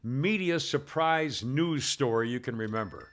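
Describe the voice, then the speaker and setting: A man's voice: medium pitch, a little slow, a bit bright. A man hosting a talk show, chatting bluntly and opinionatedly, often laughing. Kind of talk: casual talk show banter.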